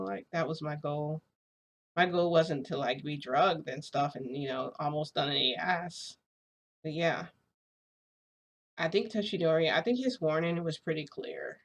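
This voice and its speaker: Rambling young-sounding woman vlogger. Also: low voice. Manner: rambling, filler-heavy, frequent "like"; laughs between phrases. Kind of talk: casual storytelling vlog.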